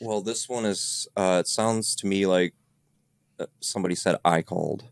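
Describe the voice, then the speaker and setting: Low-voiced man rambling on a podcast. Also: steady tone, moderate pace. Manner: loose and rambling, with many fillers. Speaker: paranormal investigator reviewing evidence. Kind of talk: casual podcast chat.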